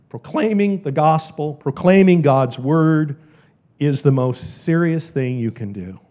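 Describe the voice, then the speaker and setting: Man, preacher, church sermon, emphatic, warm mellow timbre. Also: fairly high pitch, unhurried. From American South. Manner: earnest, emphatic preaching with wide swings in loudness. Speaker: pastor.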